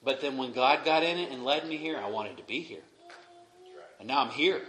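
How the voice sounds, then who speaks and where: A young man delivers a sermon from the pulpit of a church sanctuary. His voice sits at an ordinary pitch, swinging between hushed asides and loud, emphatic peaks. The recording is roomy and echoey, with a faint hiss underneath. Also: lively intonation, moderate pace. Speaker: pastor. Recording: echoey room, faint noise.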